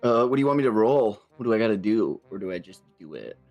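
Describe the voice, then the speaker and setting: A man playing in a tabletop role-playing game, excitable and loud in casual banter. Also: fairly low pitch, quick pace, dull audio, faint music behind. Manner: loud, excitable, shouts and laughs often. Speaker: player.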